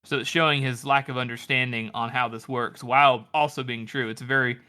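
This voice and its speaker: Man, podcast co-host, thoughtful, restarts a lot, bright tense voice. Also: medium pitch, fairly even intonation, a little fast, clean tone. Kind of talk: casual book discussion.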